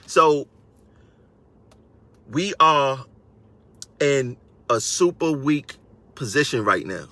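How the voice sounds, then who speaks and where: A man's voice: medium pitch, expressive, extremely slow, long pauses, pushed and bright, dry recording. A man, a transit union member, ranting on a live stream to his viewers in a combative way and repeating phrases for emphasis.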